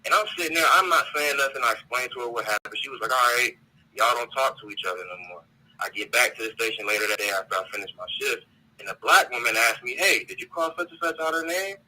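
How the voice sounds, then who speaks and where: A man calls into a talk show with a fast, forceful, bright mid-range voice that's slightly rough, captured on a low-quality recording. His heated rant is blunt and profane, with words repeated as he searches for them.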